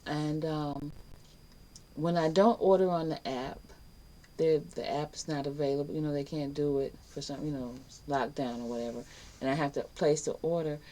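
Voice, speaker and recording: Woman, online teacher, warm mellow tone, emphatic chatty delivery. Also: sits low, fairly even intonation, moderate pace, rough recording. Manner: emphatic and chatty, acts out quoted exchanges. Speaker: teacher hosting an online life skills class. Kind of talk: casual spoken lesson to camera.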